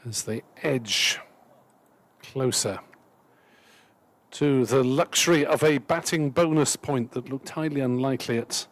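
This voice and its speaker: A man's voice: medium pitch, a little slow. A man co-commentating live cricket, chatting drily and offering statistics from a commentary box.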